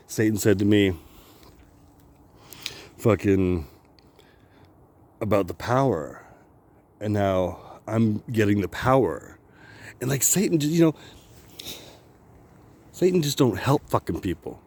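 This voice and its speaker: A man's voice: mid-range voice, a little mellow. A man vlogging a rambling personal story, swearing constantly, laughing often and restarting his sentences.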